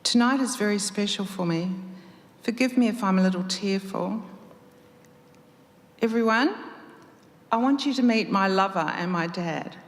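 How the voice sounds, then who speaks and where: Woman reading as a weepy theatrical young man, breathless, pleading, raised pitch, roomy hall. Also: normal speed, pauses often, close to an everyday voice. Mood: emotional speech. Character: tearful young male cabaret singer, dramatic.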